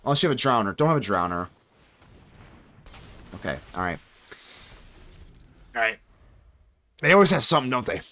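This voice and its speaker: A man hosting his channel, giving live gameplay commentary in a chatty, excitable way, thinking aloud as he plays. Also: mid-range voice, very fast, pauses often. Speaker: card game streamer and channel host.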